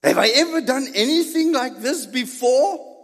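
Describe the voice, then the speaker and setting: A man voicing a talking donkey who asks slowly and pleadingly why he is being beaten. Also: very high voice, lively intonation, a bit bright, voice pushed up, full character voice. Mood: plaintive. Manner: slow and pleading. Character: patient talking male donkey, plaintive. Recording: echoey church hall reverb.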